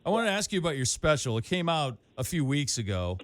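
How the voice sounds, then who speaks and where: A man's voice: on the high side, big pitch swings, fast talker, a little hiss or hum. A man hosting a casual radio interview, teasing his guest and laughing often. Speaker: radio host.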